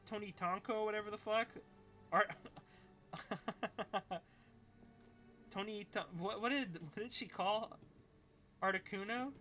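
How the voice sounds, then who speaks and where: A young man with a high, very bright and forceful voice, chatting loosely to his livestream chat. He rambles, swears constantly and breaks into laughter, reacting to messages as they come in. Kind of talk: casual livestream chat reading chat.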